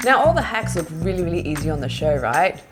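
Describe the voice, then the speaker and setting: A woman's voice: lowish voice, sing-song, quick pace, over loud music. A woman hosting her own show from a green screen studio, bubbly and teasing in scripted comedic delivery. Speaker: host of a hacks show. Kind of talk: scripted comedic vlog presenting.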